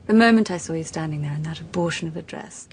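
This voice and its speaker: A woman's voice: low voice, quick pace, slight background noise. An actress playing a cold, haughty female villain, speaking in a cutting, condescending way in film dialogue. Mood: scornful.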